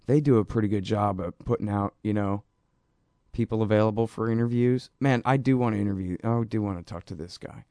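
A man's voice: fairly low pitch, fairly even intonation, dark tone, no room sound. Man, talk radio host, blunt and slangy, dry close mic. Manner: blunt, slangy and fast-talking, trails off into mumbles. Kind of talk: casual talk radio monologue.

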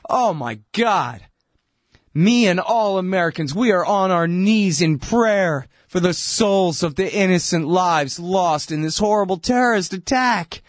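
A man's voice: high voice, animated, measured pace, no echo, studio quality, voice pushed up. Guy doing a smug president voice, sarcastic and mocking, raised a bit. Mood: mock-solemn. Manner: sarcastic, mock-solemn.

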